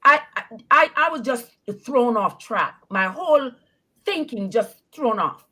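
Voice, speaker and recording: A woman's voice: on the high side, expressive, a little slow, pushed and bright. A woman calling in to a live show, animatedly telling her own story, laughing and acting out the quotes. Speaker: caller. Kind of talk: call-in storytelling.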